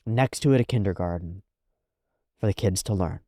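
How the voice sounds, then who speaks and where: A man hosting a reaction video, talking casually and animatedly, swearing freely and swinging between loud outbursts and hushed asides. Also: low voice, normal speed, no echo, clean studio sound.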